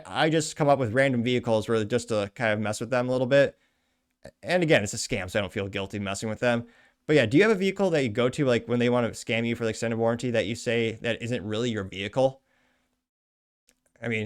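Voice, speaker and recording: Fast-talking wry male show host. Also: mid-range voice. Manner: wry, chatty, quick asides and self-corrections. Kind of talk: casual commentary reading a news article.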